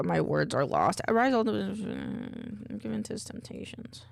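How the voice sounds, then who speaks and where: Woman streamer, vocal fry, relaxed rambling chat, reads chat messages aloud while multitasking. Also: medium pitch, unhurried, few pauses, dry recording. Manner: rambling and distracted, reading chat aloud between tasks. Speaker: VTuber streamer. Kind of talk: casual low-key stream chat.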